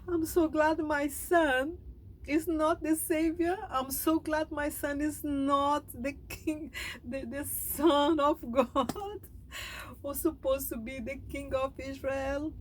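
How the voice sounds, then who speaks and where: Slow, high-voiced emotional woman speaker. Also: steady tone, a little hiss or hum, poor audio. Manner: halting, heartfelt, emotional. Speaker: spiritual speaker. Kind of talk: meditative reflection.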